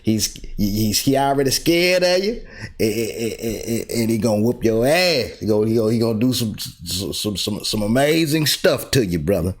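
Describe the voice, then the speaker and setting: A man's voice: fairly low pitch, animated, moderate pace. A man hosting a reaction video, commenting in a hyped way and stumbling over and repeating his words.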